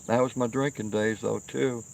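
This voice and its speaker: His voice is fairly low, gravelly, and darkish in tone. A middle-aged man hosting a livestream outdoors beside a fire pit at night, he tells a rambling, foul-mouthed story casually, often checking in with "okay?"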